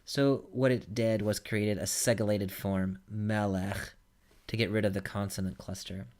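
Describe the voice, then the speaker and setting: A man's voice: lowish voice, steady tone, moderate pace, a little mellow. A man teaching a recorded language lesson, patiently walking through examples one at a time. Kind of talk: recorded lecture.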